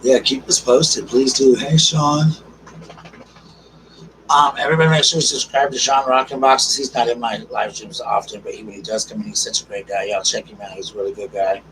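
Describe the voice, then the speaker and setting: A man's voice: mid-range voice, fairly even intonation, brisk. Chatty man, distant mic. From South Carolina. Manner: chatty and affectionate, calls viewers girl, darling, honey. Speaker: live stream host. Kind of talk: casual live stream chat, reading viewer comments. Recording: distant mic with noticeable background noise.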